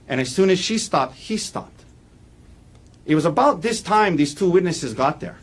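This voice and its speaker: A defense attorney gives an opening statement in a courtroom, walking the jury through events in an earnest, halting way with frequent restarts. His voice sits on the high side with a breathy edge.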